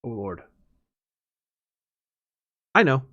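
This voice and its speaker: A man's voice: mid-range voice, sing-song, very slow, pushed and bright, no echo, muffled recording. A man chatting casually while streaming a game, rambling and laughing easily. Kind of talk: casual chat while gaming.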